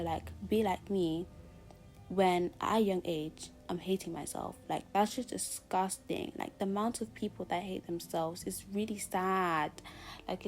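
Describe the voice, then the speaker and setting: A young vlogger from Zimbabwe, her voice medium-pitched and a little mellow, shares candid personal stories while putting on makeup at home. Her talk is casual and open, peppered with "like," and aimed straight at her "guys."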